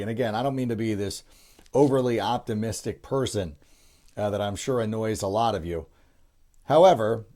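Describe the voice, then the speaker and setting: Middle-aged man, podcast host, casual sports talk, rambling, medium pitch. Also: warm tone. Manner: rambling, frequent restarts and fillers.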